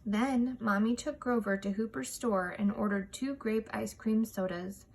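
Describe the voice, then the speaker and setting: A woman reading a children's picture book aloud, expressive and measured. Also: fairly high pitch, gravelly, a little hiss or hum. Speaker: storytime reader.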